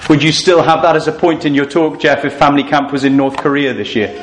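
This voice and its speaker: Earnest preacher in an echoey hall. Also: male voice, a little high, steady tone, fast talker. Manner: earnest, illustrative storytelling, rhetorical questions. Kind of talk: sermon. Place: hall at a family camp. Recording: echoey room, faint noise.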